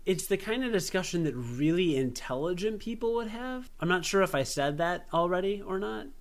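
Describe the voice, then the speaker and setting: A man's voice: high-pitched, expressive, normal speed. Rambling young American podcast host man. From United States. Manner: rambling, self-deprecating, frequent restarts. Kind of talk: casual chat.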